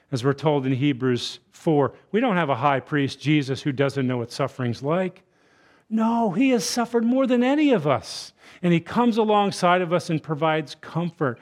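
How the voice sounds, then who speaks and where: A man in the pulpit preaching, his voice sitting a touch high for a man. He drops into quiet, gentle tones and then builds to loud, ringing emphasis. Now and then he acts out quoted voices to drive a point home. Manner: swings from soft, hushed consolation to loud, bellowing emphasis. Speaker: guest preacher. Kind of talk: sermon. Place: church sanctuary.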